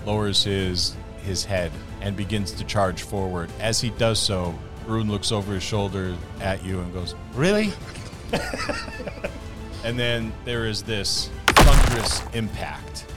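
A man's voice: on the low side, fairly even intonation, unhurried, few pauses, loud music behind the voice. A man narrating a tabletop game as game master, describing the action in vivid detail.

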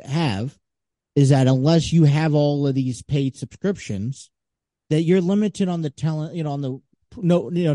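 A man's voice: on the high side, dark tone, no room sound, studio quality. A man guest-hosting a podcast, chatting casually and searching for words as he talks. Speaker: guest co-host. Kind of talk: casual chat.

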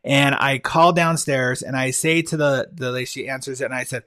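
A man talking alone on his podcast in a relaxed, chatty way. He is eager and animated as he tells stories, often restarting his sentences and filling gaps with "uh". His voice sits at an ordinary middle pitch. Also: a little fast, hardly any pauses. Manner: enthusiastic storyteller with many fillers and restarts. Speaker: podcast host. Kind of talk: casual solo podcast talk.

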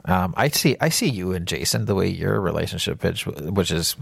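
A man's voice: low voice, animated, normal speed, vocal fry, husky, no room sound. A man co-hosting a podcast in casual chat, joking and rambling, often trailing off mid-thought. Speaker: podcast co-host. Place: studio.

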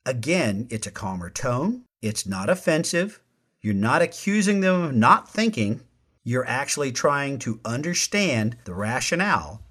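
Man, podcast host, monologue, emphatic, animated pitch, mid-range voice. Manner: emphatic, varies tone for effect.

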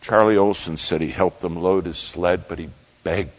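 A man preaching, slowly and dramatically retelling a true story in a sermon. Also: deep voice, fairly even intonation, low-quality recording.

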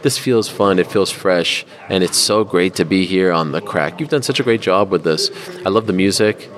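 A man's voice: low voice, normal speed. A man, a sports journalist, chatting as a podcast guest, enthusiastic and joking, with some swearing. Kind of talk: casual interview chat. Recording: crowd chatter behind.

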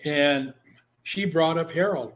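Interviewed about his book, a middle-aged man tells stories animatedly and at a slow pace. His voice is a little higher than typical for a man, and he slips into the voices of the people he describes.

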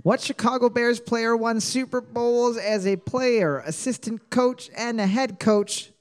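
Quiz host, male, high voice; reads questions twice, jokes and laughs between them. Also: steady tone, a little slow, clear, resonant tone. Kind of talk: joking trivia quiz banter.

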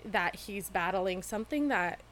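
A woman's voice: mid-range voice, animated, moderate pace, background noise. A woman co-hosting a podcast, telling a personal story candidly and laughing often as she talks. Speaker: podcast co-host. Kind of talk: casual chat.

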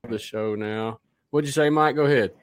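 A man's voice: mid-range voice, moderate pace, dry recording. A man hosting a live podcast, chatting loosely and rambling with fillers and restarts. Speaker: podcast host. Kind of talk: casual live podcast chat.

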